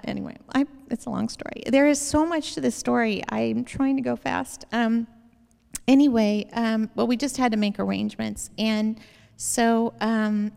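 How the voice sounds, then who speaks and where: Earnest woman with a gravelly voice in a hall. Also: a little high, darkish tone. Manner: earnest, rambling storytelling. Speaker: speaker giving a personal testimony. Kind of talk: personal faith testimony to an audience. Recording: long hall reverb.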